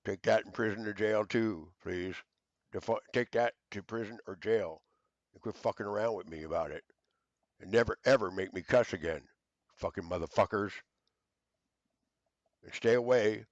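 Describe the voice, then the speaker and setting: A man with a low voice rants furiously, cursing and stumbling over fillers as he throws out accusations. The sound is dull and lo-fi, with a dry, close feel and no room echo. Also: moderate pace, pauses often. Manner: shouting accusations, stammering fillers, heavy cursing. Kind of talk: angry profane rant to camera.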